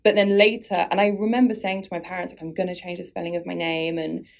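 Low gravelly-voiced woman telling her story. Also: level tone, fast. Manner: candid, reflective, often laughs at herself. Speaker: podcast guest. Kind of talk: casual conversational storytelling.

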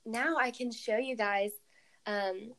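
A young woman with a slightly high voice muses on scripture in a loose, chatty way. She gets animated and says "like" often, jumping up in pitch when something strikes her. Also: slow. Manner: animated, exclaiming, lots of "like". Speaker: co-host reflecting on scripture. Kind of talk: casual Bible study chat.

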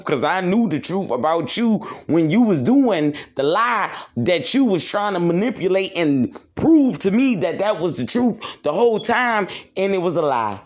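Alone on his podcast, a man with a voice slightly higher than typical for men launches into a rant monologue. He lectures his audience, curses nonstop and returns to restate every point.

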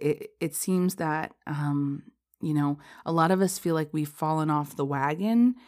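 A woman's voice: low-pitched, darkish tone. A heavily pregnant woman hosting a spiritual podcast, talking casually and rambling with many fillers and frequent laughs. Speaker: podcast host.

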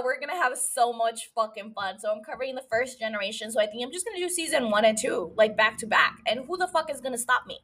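A woman's voice: a little high, fast, few pauses, a bit bright. A woman hosting a casual solo recap podcast, emotional and profane as she tells the story. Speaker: podcast host.

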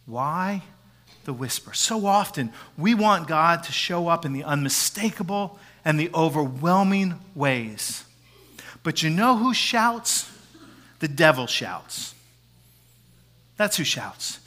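A man preaching a sermon into a handheld mic, swinging from loud, driving emphasis down to soft whispers. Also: on the high side, slow pace, long reverb tail. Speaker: pastor. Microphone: handheld microphone.

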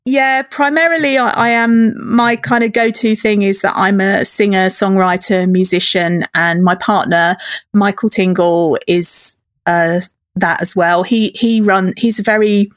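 A woman's voice: mid-range voice, steady tone, measured pace, no echo, studio quality. A woman talking in a casual interview, bubbly and enthusiastic, often breaking into giggles. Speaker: podcast guest, festival organizer.

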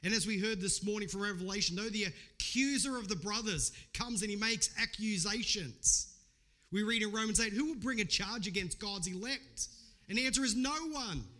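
Middle-aged male pastor, fairly high voice, earnest conversational sermon delivery. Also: moderate pace, sharp tone. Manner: earnest, conversational preaching with personal stories.

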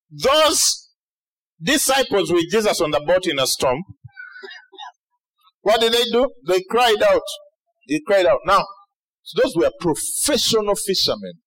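A man preaching to a big congregation, his high voice swooping widely as he builds to shouted peaks. He acts out quotes and questions in a lively, dramatic way. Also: rough recording. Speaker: pastor. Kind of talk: sermon.

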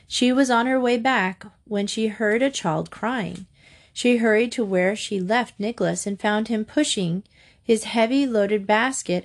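A woman narrating a children's storybook aloud in a measured, expressive reading. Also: medium pitch. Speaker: audiobook narrator.

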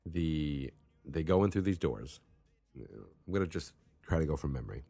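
A man's voice: a bass voice, lively intonation, normal speed, warm tone, husky, no echo, faint music behind. A man with a Massachusetts accent, hosting a wrestling talk show in rambling, profane, self-mocking casual chat. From Massachusetts, USA.

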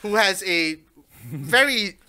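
A man co-hosting a casual film chat, enthusiastic, quick to laugh and given to swearing. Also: sits high, expressive, pushed and bright, smooth. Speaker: podcast co-host.

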